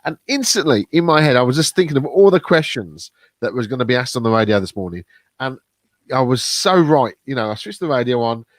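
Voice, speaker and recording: Chatty bloke on a video call, dry sound, stumbles and restarts a lot, bouncy voice. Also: male voice, mid-range voice, big pitch swings, fairly quick, dry recording. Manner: chatty, stumbling, lots of fillers and laughs. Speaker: host of a business chat show. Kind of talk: casual panel discussion.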